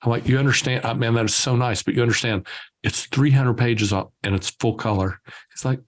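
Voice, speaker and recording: A man, a guest entrepreneur, telling lively stories in conversation and acting out the dialogue. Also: mid-range voice, a little fast. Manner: lively anecdotal storyteller, acts out dialogue. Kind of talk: conversational storytelling.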